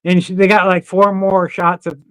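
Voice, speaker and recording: A man speaks at normal speed in a smooth, high voice, recorded dry. He's a podcast guest whose casual storytelling is full of swearing and laughter.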